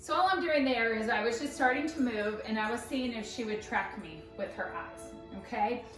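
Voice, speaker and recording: This dog trainer speaks at normal speed with a fairly bright tone, explaining and demonstrating cheerfully and chattily. When addressing the dog she shifts to high praise; the recording has roomy echo, a distant voice and faint music.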